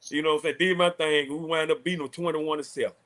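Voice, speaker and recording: A man, a former college quarterback telling animated, laughing stories as a talk show guest. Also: a little high, fast. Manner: animated, laughing storyteller acting out quotes. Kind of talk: casual storytelling on a talk show.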